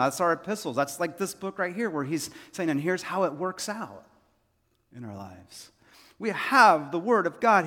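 A man's voice: on the high side, fairly bright tone. A man who is a senior pastor, giving an earnest, conversational sermon to his congregation and repeating key phrases. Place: church sanctuary. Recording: long hall reverb.

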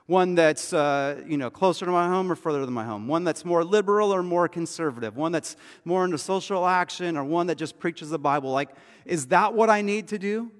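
A man preaching a sermon as pastor, talking in a conversational way and often dropping to a hushed, intense tone. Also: fairly high pitch, a little fast, hardly any pauses. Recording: church hall reverb.

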